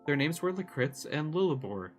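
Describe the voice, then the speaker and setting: A man's voice: a little high, sing-song, moderate pace. A man voicing a prim, talkative female cat in a visual novel, lilting and chatty, over game music. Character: prim talkative female cat who loves crunchy bits. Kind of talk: voice-acting a visual novel on stream. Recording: music playing behind.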